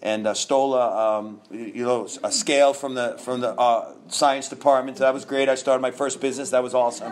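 A man's voice: medium pitch, steady tone, normal speed, few pauses. A man in his fifties from New York, a guest telling his own story candidly, rambling with restarts and laughs.

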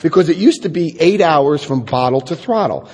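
A middle-aged man giving a personal testimony talk to an audience, an animated storyteller who acts out quotes and adds wry asides. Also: on the high side, moderate pace, slightly rough. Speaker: speaker telling his recovery story. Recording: echoey hall.

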